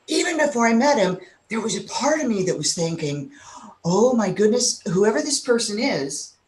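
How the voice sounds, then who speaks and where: A woman's voice: medium pitch, very animated, moderate pace, darkish tone, poor audio. Sarcastic funny woman guest, voice bouncing up and down a lot. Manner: sarcastic, jokey. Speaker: interview guest. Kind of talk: casual chat.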